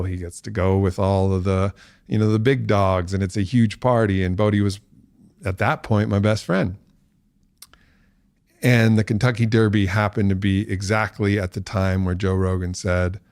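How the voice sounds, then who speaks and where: A man's voice: fairly low pitch, darkish tone, no room sound, clean studio sound. A man as a podcast guest, telling a long story and acting out the voices of people he quotes.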